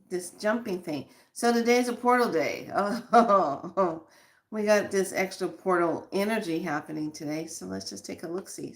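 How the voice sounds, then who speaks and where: A middle-aged woman hosting a spiritual channel, chatting casually and animatedly, laughing often and repeating questions in a rhythm. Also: medium pitch. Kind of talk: casual spiritual vlog talk.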